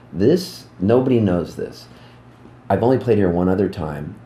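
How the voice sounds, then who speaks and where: A man in his fifties, a musician, telling rambling, animated anecdotes in a casual interview backstage at a music club. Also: low voice, roomy sound, slight background noise. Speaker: musician guest.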